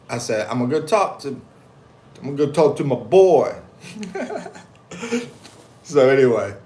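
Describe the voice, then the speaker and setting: A man on a casual livestream, telling a story in a jokey, slangy way and reading viewer comments aloud. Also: medium pitch. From United States. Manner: animated, slangy, jokey, reads chat aloud. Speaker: livestream vlogger. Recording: echoey room, faint background ambience.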